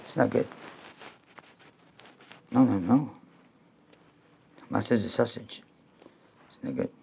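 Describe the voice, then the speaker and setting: A man from New York talking to camera in a rambling, repetitive way, now and then breaking into loud, high-pitched pleading. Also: takes it slowly, creaky, husky. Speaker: video blogger.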